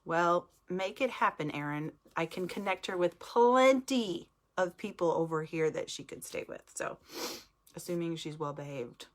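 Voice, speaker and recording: A woman's voice: fairly low pitch, expressive, moderate pace. A woman casually chatting on a live video, joking and greeting viewers by name as she reads their comments. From United States. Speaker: independent sales director hosting a live video.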